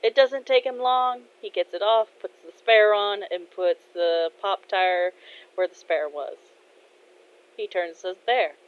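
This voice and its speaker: Slow, hesitant woman telling a fan story. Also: medium pitch, fairly even intonation, clear, resonant tone. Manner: hesitant, many fillers and quoted asides. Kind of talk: casual spoken fan fiction. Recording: dull lo-fi recording.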